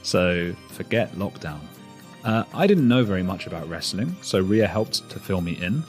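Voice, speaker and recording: A man's voice: low-pitched, big pitch swings, normal speed, soft background music. A man hosting a podcast, giving a chatty, rambling solo introduction with self-deprecating asides. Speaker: podcast host.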